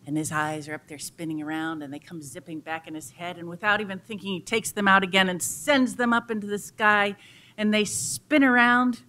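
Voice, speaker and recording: A woman giving a public lecture who tells a folk tale in an expressive, dramatic way. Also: mid-range voice, brisk.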